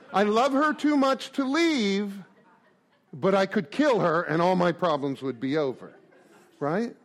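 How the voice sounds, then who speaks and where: A man around sixty giving a joking, animated talk to a recovery group, full of rhetorical asides. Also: fairly high pitch. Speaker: recovery meeting speaker.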